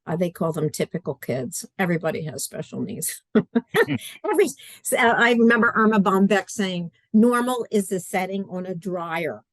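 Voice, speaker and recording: A woman's voice: lowish voice, expressive, moderate pace, few pauses, dry recording. A middle-aged woman talking casually as an interview guest on a video call from home, earnest and chatty, acting out her own quotes. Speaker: guest, adaptive curriculum writer. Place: at home in a study.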